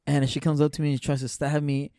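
A man's voice: on the high side, monotone, fast, mellow, no room sound, studio quality. A young man casually telling a story on a podcast, rambling with many fillers and curse words.

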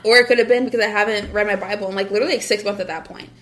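A woman's voice: medium pitch, steady tone, very fast, fairly bright tone. A young woman from the United States talking casually about her faith, with lots of fillers and frequent laughs. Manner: chatty, lots of "like" and "literally", laughs often. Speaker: guest.

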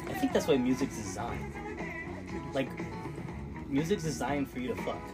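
A man's voice: medium pitch, big pitch swings, normal speed, over loud music. A young man in casual banter, cursing and joking. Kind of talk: casual chat.

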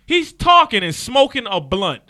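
A man's voice: very high-pitched, very animated, normal speed, sharp tone. A male comedian chatting as a guest on a podcast, joking animatedly and laughing often. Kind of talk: casual podcast chat.

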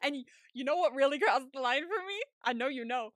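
High-pitched animated young woman, dry mic. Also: brisk, no echo. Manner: animated, swearing, laughing often. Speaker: podcast co-host. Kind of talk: casual recap chat.

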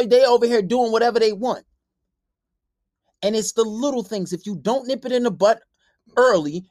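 A man's voice: high-pitched, darkish tone, no echo, clean studio sound. Brash, profane young man ranting. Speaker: podcast host. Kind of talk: casual dating-advice podcast rant.

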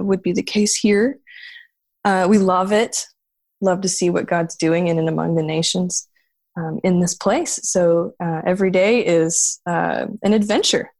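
A woman's voice: fairly low pitch, steady tone, unhurried, a little mellow, dry recording. A woman being interviewed on a podcast in a chatty, casual way, still in her morning voice. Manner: chatty, laughs often, restarts words. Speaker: podcast guest. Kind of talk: casual conversation.

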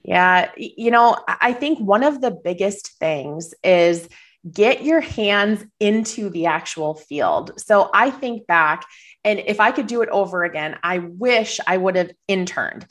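A woman's voice: mid-range voice, expressive, unhurried, a bit bright. Woman with a light Minnesota accent. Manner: earnest, encouraging advice with restarts. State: slight cold. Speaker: podcast guest. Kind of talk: casual interview answers.

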